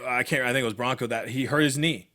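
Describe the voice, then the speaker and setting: A man's voice: mid-range voice, fast, pushed and bright. A young man co-hosting a casual podcast, talking about his fighting career in a blunt, profane, worked-up way. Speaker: podcast co-host, MMA fighter.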